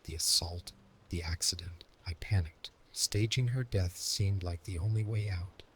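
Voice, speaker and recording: A man telling a first-person horror story as scripted narration, in a steady, even way. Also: low-pitched, unhurried, slight background noise.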